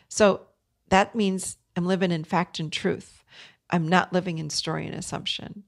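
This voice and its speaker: A woman's voice: on the low side, steady tone, moderate pace, gravelly. A middle-aged woman hosting a podcast, talking earnestly and coaching her listeners directly. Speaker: podcast host. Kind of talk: solo podcast talk.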